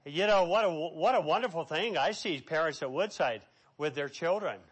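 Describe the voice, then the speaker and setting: A man's voice: on the high side, lively intonation, normal speed, slightly rough. A man preaching a sermon, reading scripture aloud and acting out quotes with a dramatic, preachy delivery. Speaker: pastor.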